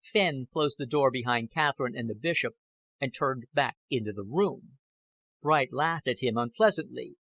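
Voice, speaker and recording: A man narrating an audiobook in a steady, even reading. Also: medium pitch, moderate pace, slightly rough, dry recording.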